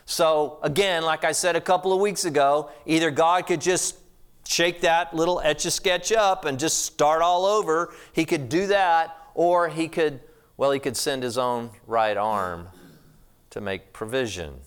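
A man's voice: fairly high pitch, measured pace, clean tone. A middle-aged American man, a pastor preaching a sermon in a conversational, storytelling way. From United States.

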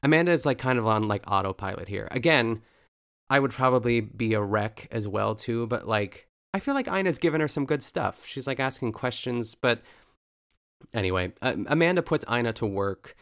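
A man's voice: medium pitch, expressive, moderate pace, a bit bright, clean tone. A man recapping a cooking show episode in casual, rambling chat, full of fillers and self-corrections.

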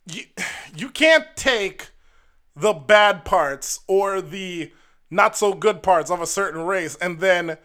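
An earnest, wry man from Jamaica chats to camera, unhurried and bright in tone. His voice sits fairly high, and he leans into each story. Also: animated. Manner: earnest and wry, acts out the people in his stories. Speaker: vlogger.

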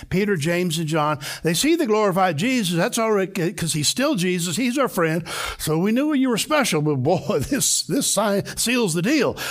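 Man, pastor, sermon, a bit high pitched, emphatic storyteller, acts out quotes. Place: church before a live congregation.

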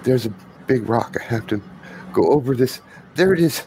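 A man voicing a frightened young girl with psychic powers, crying out in a high, breathless voice. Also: animated, moderate pace, dark tone, slight background noise, lightly acted. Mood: straining.

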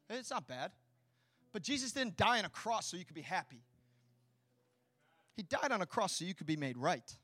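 A man preaching a sermon as pastor, swinging between hushed, intimate lines and loud, rousing ones, with chatty asides and rhetorical questions. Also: sits high, very animated, fairly quick, pauses often, dry recording.

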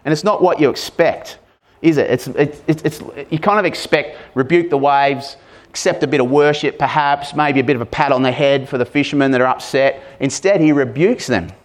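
A man's voice: fairly high pitch, fairly quick. Male preacher, casual sermon delivery, engages the congregation with questions. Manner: conversational, asks the congregation questions; acts out shouted lines with sudden loud bursts.

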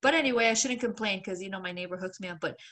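A woman's voice: medium pitch, rapid-fire, a bit bright. A young woman co-hosting a podcast, rambling through stories in a casual chat, swearing and laughing often. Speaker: podcast co-host.

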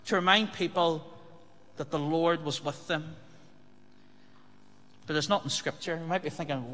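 A male pastor preaching with a bright, forceful voice that sits a little high. He speaks earnestly, asking the congregation rhetorical questions, and his words ring out with a long reverb across a church sanctuary. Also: moderate pace, pauses often. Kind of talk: sermon.

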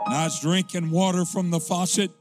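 A man with a notably high voice preaches from the pulpit, spinning a homespun, humorous story. His telling swells into fervent, shouted praise. Faint music plays underneath. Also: fairly even intonation, a little fast. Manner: folksy, humorous testimony rising into fervent preaching. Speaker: pastor. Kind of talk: storytelling sermon.

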